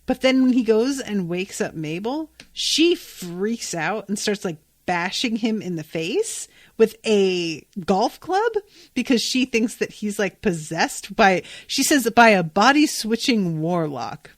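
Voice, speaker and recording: A woman's voice: mid-range voice, big pitch swings, slow, dry recording. Woman, podcast host, casual recap, chatty, swears, lots of fillers, dry close mic.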